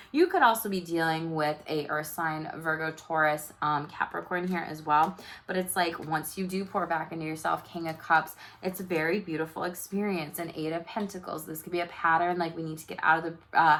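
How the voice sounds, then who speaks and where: A woman's voice: low voice, a bit bright. A woman doing a casual tarot reading, chatty and loose, full of fillers and the odd swear word. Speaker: tarot reader.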